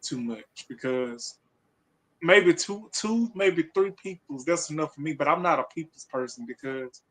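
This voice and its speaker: Casting: man, fairly high bright voice, shy and quiet delivery, casual chat. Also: expressive, measured pace, rough recording. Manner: quiet, soft-spoken, self-describes as shy.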